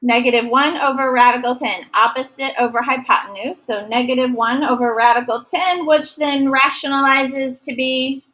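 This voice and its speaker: Woman math teacher, high bright voice, asks and answers her own questions. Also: fairly even intonation, normal speed, hardly any pauses, low-quality recording. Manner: asks questions and answers them herself, praising. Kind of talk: recorded classroom math lesson.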